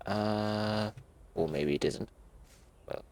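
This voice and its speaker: A man giving let's play commentary on a horror game, thinking aloud in quiet asides and breaking into sudden swearing. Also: medium pitch, lively intonation, unhurried, gravelly. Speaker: gaming YouTuber.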